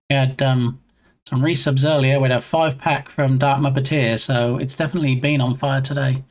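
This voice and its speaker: A live streamer debugging a hardware setup, muttering through each step, reading on-screen settings aloud and breaking off to greet viewers in chat. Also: medium pitch. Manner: muses to self, reads screen text aloud, chats with viewers. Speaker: game dev streamer. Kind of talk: live-stream thinking aloud while troubleshooting. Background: headphones on.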